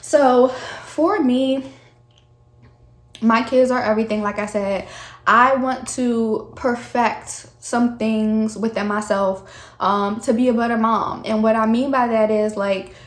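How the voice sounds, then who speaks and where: A woman's voice: a little high, steady tone, slow. Chatty woman vlogging in an echoey room. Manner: chatty, candid, addresses viewers as y'all. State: shaky voice from the cold. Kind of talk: casual talk to camera. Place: chilly room at home.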